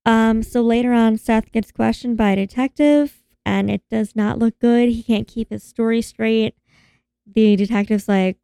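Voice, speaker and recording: A woman's voice: on the high side, fairly even intonation, measured pace, creaky, dark tone, clear, resonant tone, no room sound, clean studio sound. A woman in casual chat, recapping a film and animatedly acting out the characters' lines in voices. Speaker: podcast co-host recapping a film.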